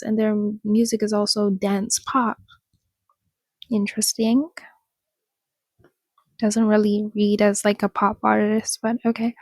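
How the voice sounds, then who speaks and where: Slow, gravelly-voiced woman vlogger. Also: on the high side, darkish tone, dry recording. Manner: mocking, laughs often, addresses viewers as y'all. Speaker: commentary vlogger. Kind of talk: casual commentary reading an article aloud.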